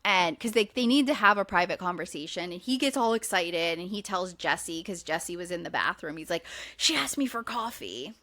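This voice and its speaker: A woman's voice: on the low side, brisk, hardly any pauses, pushed and bright. A woman hosting a podcast, recapping a reality show in casual chat, talking loosely with lots of fillers and the odd swear word. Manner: chatty, filler-heavy, swears freely. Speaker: podcast host.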